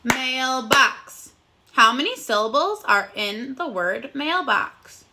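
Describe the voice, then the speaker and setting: Bright, lively woman teaching first graders. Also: a little high, a little hiss or hum. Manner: encouraging, slow and clearly enunciated, sounding out words. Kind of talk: recorded phonics lesson for children.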